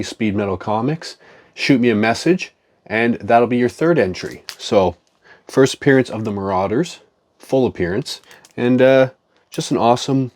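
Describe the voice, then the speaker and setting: A man's voice: fairly low pitch, darkish tone. A man in a profane, joking, rambling casual chat, talking as a comic collector.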